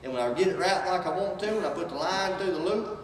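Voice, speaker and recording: A man's voice: high-pitched, expressive, fast talker, slight background noise. A man giving an inspirational speech, preaching with call and response that rises to emphatic peaks. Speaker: motivational speaker. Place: large hall. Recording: echoey hall from far off.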